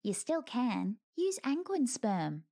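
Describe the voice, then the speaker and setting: A woman's voice: on the high side, very animated, slow, vocal fry, dark tone, voice pushed up, heavily acted. A woman voicing a cheeky, bored female ferret who answers coldly and bluntly in a storybook reading.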